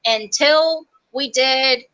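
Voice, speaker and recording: A young woman telling stories from army basic training in a casual interview, lively and quick, acting out the quotes. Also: high-pitched, clean tone, highs cut off. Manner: animated, quick storytelling with acted-out quotes.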